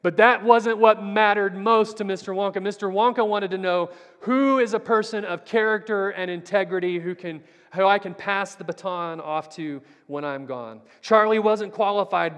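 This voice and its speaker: A man preaching a Sunday Bible class sermon, telling a story earnestly and swinging from loud to very soft. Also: high voice. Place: church. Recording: long church hall reverb.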